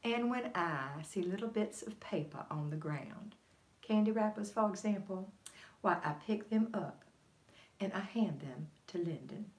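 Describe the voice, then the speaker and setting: A woman doing an impression of a genteel older Southern First Lady, with a Southern US accent and a slow, drawling, folksy manner. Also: medium pitch, expressive, echoey room, far from the mic, natural voice.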